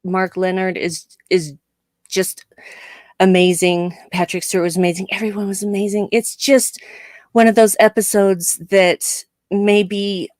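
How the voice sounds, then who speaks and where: A woman co-hosting a casual live-stream chat, animated and laughing often. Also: medium pitch, a little slow, no echo, clean studio sound. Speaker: co-host.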